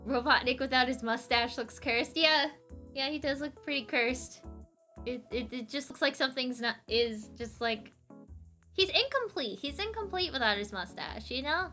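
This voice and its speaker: A woman's voice: high-pitched, normal speed, sharp tone, soft background music. A young woman streaming a live comic reading, chatting in giggly asides.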